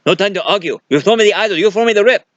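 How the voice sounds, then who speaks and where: A man's voice: high-pitched, racing, fairly bright tone, dry recording, muffled recording, pitched above the performer's own voice. A man voicing a greedy, treacherous guide, demanding and urgent in a raised voice.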